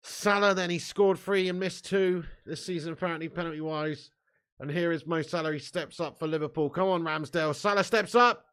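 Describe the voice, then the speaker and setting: A young man hosting a live football watch-along stream, commentating with swearing and banter while reading out chat messages. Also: a little high. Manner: sweary, banter-heavy, swings from glum muttering to shouting and laughing.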